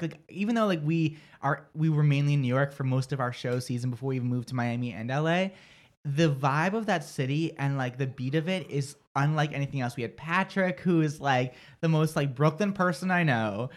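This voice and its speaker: A man from outside Boston hosting a radio-style show, telling stories in a rambling, animated way. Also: a little high, fairly quick. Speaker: radio host. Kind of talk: casual chat.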